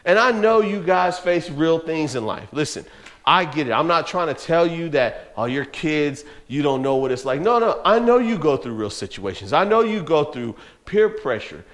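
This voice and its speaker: Young man, youth pastor, lively storytelling sermon, slangy, fairly high voice. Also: normal speed. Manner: animated storyteller, casual slang, frequent laughs.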